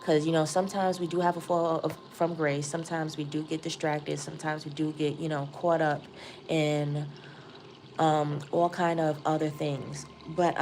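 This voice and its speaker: A woman doing a live tarot reading, chatty and excitable, calling her viewers y'all. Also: deep voice, a little hiss or hum. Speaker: tarot reader.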